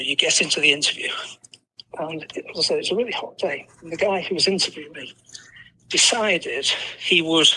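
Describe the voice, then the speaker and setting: A man's voice: on the high side, bright, forceful tone, slight background noise, poor audio. An English man in his sixties, a podcast guest telling a story with self-deprecating humour and lots of "you know". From England. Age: 60s. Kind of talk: storytelling in conversation.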